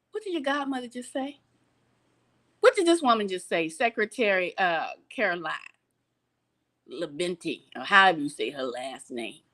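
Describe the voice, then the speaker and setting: A woman giving animated commentary on a news clip, preaching with rhetorical questions at her listeners. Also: high voice. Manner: preachy, rhetorical questions, laughs, slips into voices. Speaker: commentator reacting to a press clip.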